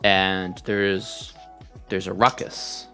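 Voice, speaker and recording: A man's voice: sits low, level tone, drawn-out words, pushed and bright, faint music behind. A man narrating a tabletop game as game master in a loose, chatty way.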